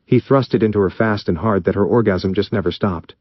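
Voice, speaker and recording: A man with a low voice reads a story aloud in steady, even narration. The recording is dull and muffled, with a dry, close sound and no room echo. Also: a little fast, breathy edge. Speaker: story reader. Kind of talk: reading fan fiction aloud.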